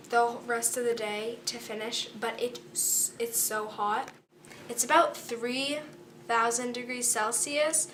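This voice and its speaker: A teenage girl narrating an amateur school skit as an explorer, halting with many fillers while reciting facts. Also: a little high, sharp tone, far from the mic, a little hiss or hum. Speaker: student explorer presenting a school project. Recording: music playing over the voice.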